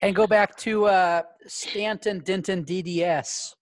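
A woman game master who narrates a tabletop game in a relaxed, halting way. Her voice sounds dry and close to the mic. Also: mid-range voice, no echo.

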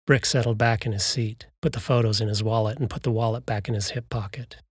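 A man narrating a story in a steady, even storytelling voice. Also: on the low side, fast talker, breathy edge, no room sound, studio quality. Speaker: audiobook narrator. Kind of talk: scripted narration.

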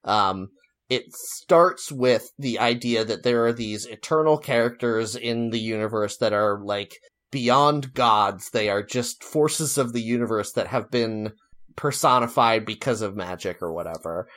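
A man's voice: medium pitch, measured pace, a bit bright. Rambling opinionated man chatting. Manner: rambling, opinionated, filler-heavy. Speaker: podcast co-host. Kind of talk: casual chat.

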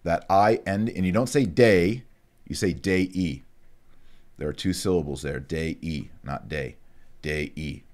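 A man giving a casual online lesson, slowly sounding out Latin prayers and explaining them word by word with chatty asides. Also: deep voice, expressive, darkish tone. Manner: slow, careful enunciation of Latin words, chatty asides.

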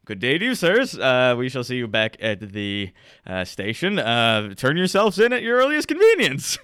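A man's voice: medium pitch, wildly swooping pitch, normal speed, fairly bright tone, clear, resonant tone, no echo, clean studio sound. A man voicing a retreating male city guard who speaks with stiff, pompous formality.

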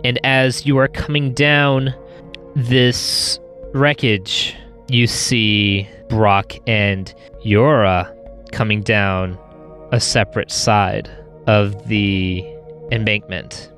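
A man narrating as game master of a tabletop role-playing game in a measured, descriptive way. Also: fairly low pitch, level tone, fairly bright tone, faint music behind.

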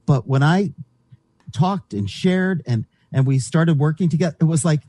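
Lively dark-voiced man co-hosting radio. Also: a little high, moderate pace, dry recording. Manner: earnest and emphatic, asks himself questions and answers them. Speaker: Christian radio show co-host. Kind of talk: casual radio chat.

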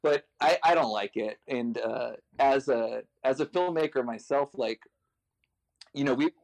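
A man's voice: medium pitch, unhurried, vocal fry, a little mellow. A man in casual podcast chat, talking candidly, swearing and laughing as he goes.

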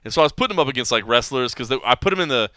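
Man in his forties, podcast host, rapid-fire rambling storyteller with a crisp voice. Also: mid-range voice, no room sound, clean studio sound. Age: 40s. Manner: rambling, animated storytelling with many restarts. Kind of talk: casual chat.

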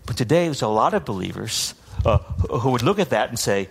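A man's voice: mid-range voice, sing-song, fairly quick, gravelly, husky. A man preaching a sermon as pastor, teaching with many restarts and repeated words. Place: congregation hall with overhead projector.

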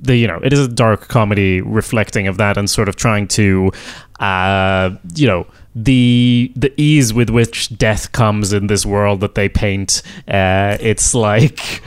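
A man's voice: on the low side, measured pace, hardly any pauses, clear, resonant tone. A man co-hosting a film discussion podcast, talking casually with dry, sarcastic humor. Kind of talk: casual chat.

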